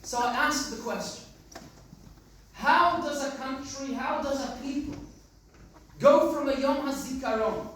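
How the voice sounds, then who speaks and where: A man's voice: very high voice, unhurried, long pauses, fairly bright tone, slight background noise. A man, a rabbi, giving a sermon and telling stories with emphatic, reflective delivery. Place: large synagogue hall. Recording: echoey synagogue from far off.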